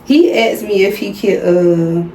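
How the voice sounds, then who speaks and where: Unhurried and mellow, this young Southern vlogger speaks in a mid-range voice while casually chatting with her audience and calling them y'all. The setting is a roomy home recording with a little background noise.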